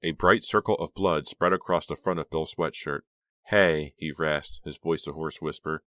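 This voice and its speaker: A man with a very deep voice narrates a horror novel in a dramatic, suspenseful reading. The sound is dry and close, with no room around it. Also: fairly even intonation, moderate pace, a bit bright, no room sound. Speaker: audiobook narrator. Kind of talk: scripted narration.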